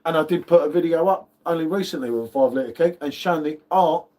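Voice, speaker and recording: A man's voice: on the high side, fast, a little mellow. A man hosting a live beer tasting, chatting casually with matey banter and greeting viewers by name. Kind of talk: casual live-stream chat.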